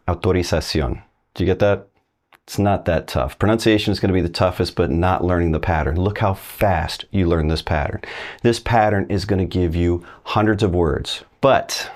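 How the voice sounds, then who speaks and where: A middle-aged man with a very low, deep voice teaches a language lesson on video. He talks straight to the viewer, folksy and encouraging, walking them through each step. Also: a little mellow. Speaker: Spanish teacher.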